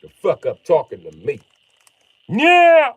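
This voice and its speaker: Male live streamer, profane rambling rant, slightly high and husky. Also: big pitch swings, unhurried, no room sound, highs cut off. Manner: profane, rambling, reacts to chat. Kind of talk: casual livestream rant.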